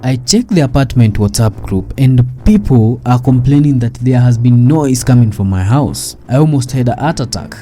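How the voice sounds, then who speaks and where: A man's voice: mid-range voice, lively intonation, normal speed, few pauses, mellow, faint music behind. A man reading a scripted commentary voice-over in a wry, dramatic storytelling manner. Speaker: narrator.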